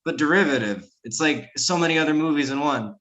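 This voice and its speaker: A man's voice: on the high side, animated, a little fast, fairly bright tone, lo-fi sound. A man hosting a podcast in casual chat, brash and joking, swearing freely. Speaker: podcast host.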